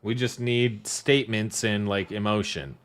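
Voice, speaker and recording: A man's voice: lowish voice, a little slow, fairly bright tone. Rambling, sarcastic male podcast co-host. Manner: rambling, sarcastic, trails off often. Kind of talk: casual podcast chat.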